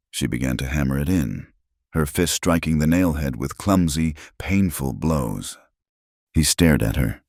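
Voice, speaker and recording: Deep-voiced dramatic male storyteller. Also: darkish tone, dry recording, studio quality. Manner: dramatic, emphatic. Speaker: narrator.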